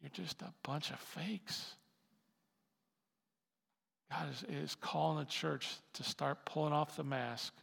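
A man preaching a sermon with a gravelly, fairly high voice that climbs to loud, emphatic peaks. His words ring out with a long reverb, as if carried through a large hall. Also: takes it slowly, pauses often. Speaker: pastor.

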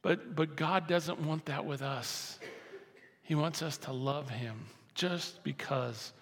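Older pastor, gravelly voice, echoing hall. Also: male voice, slow pace. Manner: swings between soft intimate lows and loud emphatic rises. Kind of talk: sermon. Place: church sanctuary. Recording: long hall reverb.

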